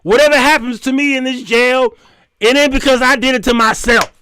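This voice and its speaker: A man imitating a theatrical male defendant who begs the judge over and over and croons flattery at him in a low voice. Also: a little fast, clear, resonant tone, no room sound, studio quality. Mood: loud protesting. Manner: begging and repeating himself, crooning low when flattering. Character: pleading flirtatious male defendant, theatrical and desperate.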